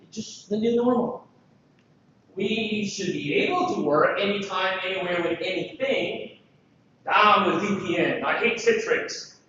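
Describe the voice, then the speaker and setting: Man from the Philippines, high voice, joking conference speaker, heavy echo, dull sound. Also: a little slow, background noise. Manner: lively, joking, full of rhetorical questions. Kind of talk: energetic conference presentation. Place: large conference hall. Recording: echoey, dull hall recording.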